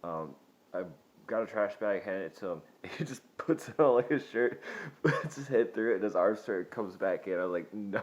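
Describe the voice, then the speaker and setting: A man's voice: on the low side, lively intonation, moderate pace. A young man telling profane, rambling stories in a casual vlog, laughing often. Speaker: vlogger. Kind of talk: casual storytelling. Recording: dull lo-fi sound.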